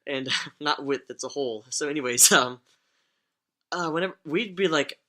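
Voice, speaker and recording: A man's voice: a little high, normal speed, bright, forceful tone. A young man telling stories on a casual podcast, rambling and swearing, often laughing as he talks. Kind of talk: casual storytelling chat.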